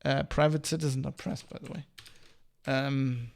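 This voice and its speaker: A man's voice: mid-range voice, little pitch movement, moderate pace, creaky, a little mellow. A man hosting a podcast livestream, ranting in a heated, profane, rambling way. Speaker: podcast host.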